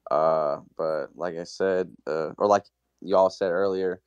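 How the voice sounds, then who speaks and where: A man calling into a basketball chat, offering measured thoughts. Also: deep voice, steady tone, clear, resonant tone, no echo, muffled recording. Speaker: caller. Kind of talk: casual chat.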